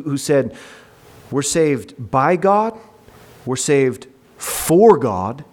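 A middle-aged man preaching a sermon, moving between relaxed storytelling and loud, drawn-out pleading cries. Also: on the high side. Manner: swings from quiet storytelling to loud, slow, pleading outbursts.

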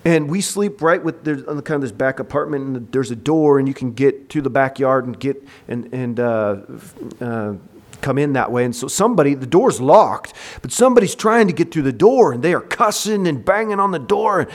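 A middle-aged man preaching a sermon, moving between relaxed storytelling and loud, drawn-out pleading cries. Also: medium pitch. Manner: swings from quiet storytelling to loud, slow, pleading outbursts.

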